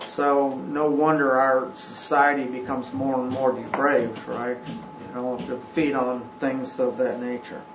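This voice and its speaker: A man teaching a scripture class. He talks haltingly, with frequent ums and restarts. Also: medium pitch, flat delivery, noisy background. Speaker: religious teacher. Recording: roomy, dull recording.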